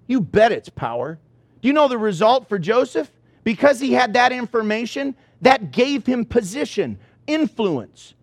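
High-voiced man preaching a sermon. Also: normal speed, no echo. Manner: animated storyteller who acts out dialogue. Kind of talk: sermon with personal stories.

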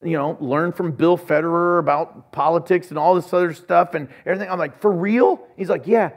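A man's voice: a little high, fairly even intonation, brisk. A man preaching a sermon as pastor, telling stories and acting out conversations. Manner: storytelling, acts out conversations.

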